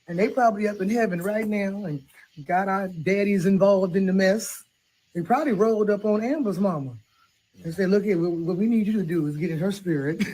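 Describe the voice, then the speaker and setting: A woman's voice: mid-range voice, dark tone, slight background noise, lightly acted, poor audio. A woman playing an outspoken middle-aged woman who gives her cousin blunt, preachy advice in a comedy sketch. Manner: sassy, preachy, laughs through advice.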